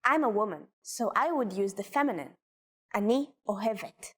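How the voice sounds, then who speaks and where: A woman teacher calmly demonstrating example sentences in a lesson, speaking carefully. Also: mid-range voice, in a large hall. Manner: calm, careful, slow example phrasing. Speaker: language teacher.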